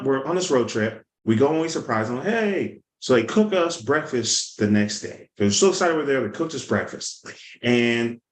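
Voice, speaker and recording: A man giving an energetic sales lesson, telling stories and acting out the people in them. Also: medium pitch, echoey room, poor audio. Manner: energetic, storytelling, acts out quotes. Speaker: sales coach. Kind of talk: motivational teaching talk.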